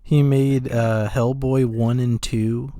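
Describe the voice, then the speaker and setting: A man's voice: medium pitch, level tone, slow pace, mellow, no room sound, studio quality. A man co-hosting a podcast in casual chat, laid-back and wry. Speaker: podcast co-host.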